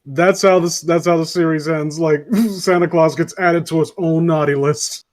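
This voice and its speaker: A chatty man hosting a relaxed read-aloud with friends, quick to poke fun at himself. His voice sits a bit high and he laughs often. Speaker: reader and host. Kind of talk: casual group read-aloud.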